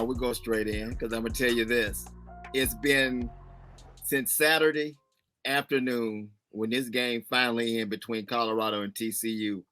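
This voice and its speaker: Male sports podcast co-host with a sharp, bright voice, teasing and combative, on a close dry mic. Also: medium pitch, no echo. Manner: teasing, argumentative, trips over his words. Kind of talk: casual sports chat.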